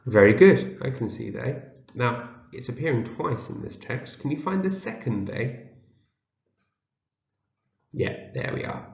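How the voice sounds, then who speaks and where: A man teaching young children to read, sounding out each word slowly and repeating it so they can follow along. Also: mid-range voice, big pitch swings, creaky. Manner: reads word by word, repeating each word for learners to echo. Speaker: teacher leading a shared reading. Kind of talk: slow, patient read-aloud lesson for young children. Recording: dull, roomy home video.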